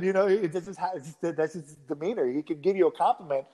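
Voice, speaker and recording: A man in his thirties telling a rambling, animated story in a casual interview, acting out quotes with many restarts. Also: on the high side, quick pace, few pauses. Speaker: guest fighter.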